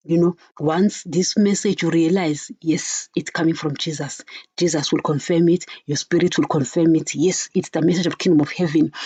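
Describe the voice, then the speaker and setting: A woman's voice: on the low side, dark tone, slightly rough, dry recording, muffled recording. A woman preaching informally on a podcast, earnest and direct, often turning to her listeners with "guys" and "you know".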